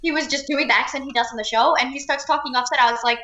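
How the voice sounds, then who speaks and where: Rapid-fire and high-pitched, a young New Jersey actress chats as an interview guest, laughing frequently with lots of "like" and "um". Crowd noise fills the echoey room, and the highs are cut off.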